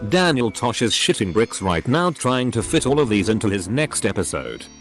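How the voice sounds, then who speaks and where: A man's voice: on the low side, very animated, moderate pace. A man reading forum posts aloud, speaking punctuation marks as words. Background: faint background music.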